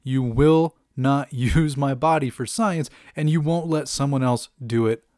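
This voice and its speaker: A man's voice: mid-range voice, unhurried, a little mellow, no room sound, studio quality, lightly acted. Wolverine, as a man retells him, earnest fighter. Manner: earnest, pleading. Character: gruff male mutant fighter, earnest.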